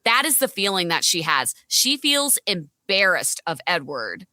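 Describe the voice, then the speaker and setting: Woman guest, bright and animated, blunt, swears, dry close sound. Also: lowish voice, measured pace, dry recording. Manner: ranting, blunt, swears freely. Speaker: podcast guest. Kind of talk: casual chat recapping reality TV.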